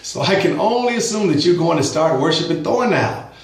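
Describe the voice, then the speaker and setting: A man's voice: on the high side, animated, fairly quick, roomy sound. A man reading out an online commenter's words in a mocking, sing-song voice. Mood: taunting.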